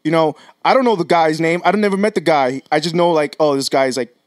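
A man's voice: a little high, fast, dry recording, clean studio sound. A man in casual podcast talk, rambling through anecdotes, swearing freely and restarting sentences. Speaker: podcast co-host.

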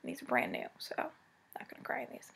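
A woman's voice: quick pace, fairly bright tone. A woman vlogger at home giving a casual, rambling cross-stitch update full of asides.

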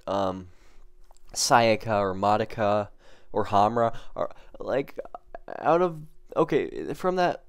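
Smooth-voiced, excitable anime reaction host. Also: medium pitch. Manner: excitable, rambling, gushing with emotion. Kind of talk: casual reaction vlog commentary. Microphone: camera mic.

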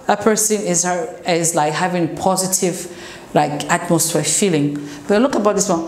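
A woman teacher explaining English grammar in a slow classroom lesson, sometimes switching into French. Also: low-pitched, darkish tone. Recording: echoey room with faint noise.

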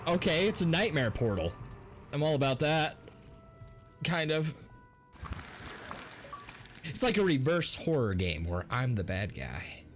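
A man hosting a gaming video, commentating a let's play in an excitable way, gasping and laughing as he plays. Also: a little high, a little slow, long pauses. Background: game music.

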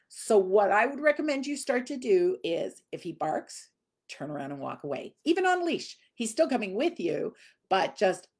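A chatty woman talks through dog training tips in an easygoing live Q&A. Her voice sits at a middle pitch, and she slips into little acted-out voices to show how people and dogs behave. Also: big pitch swings, normal speed, a little mellow. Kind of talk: live Q&A teaching.

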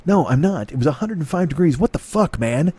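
A man's voice: on the high side, expressive, fairly quick, mellow, slightly rough, no echo. Profane, rambling comedian man. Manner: rambling, profane, self-mocking, bursts into silly crooning. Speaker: podcast host. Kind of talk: casual comedic monologue.

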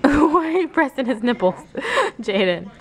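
A woman's voice: sits high, expressive, unhurried, very noisy. A young woman vlogging casually, chatting and playing with her toddler in a sing-song way. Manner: chatty, playful baby talk with her toddler. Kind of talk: casual family vlog.

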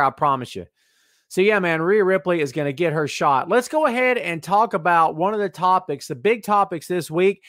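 A man's voice: fairly high pitch, a bit bright, no echo, clean studio sound. A man hosting a live-streamed wrestling podcast in casual, sarcastic chat, reading viewer comments aloud and mumbling to himself while he adjusts settings.

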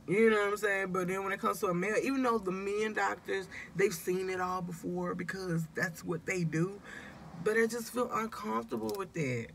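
This woman has a gravelly, mid-range voice with a steady tone and normal pace, over slight background noise. She's vlogging casually and confessionally, emotional and near tears as she rambles directly to her audience.

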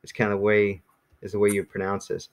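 A man teaching a small class in a relaxed, rambling way, with many ums and restarts. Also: fairly low pitch, a little fast. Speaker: Greek teacher.

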